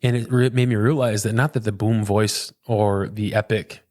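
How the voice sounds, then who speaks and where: Earnest low-voiced man, dry close sound. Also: steady tone, normal speed, darkish tone, dry recording. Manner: earnest, reflective, says "man" and "dude" often. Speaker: pastor, podcast guest. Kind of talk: casual conversational interview.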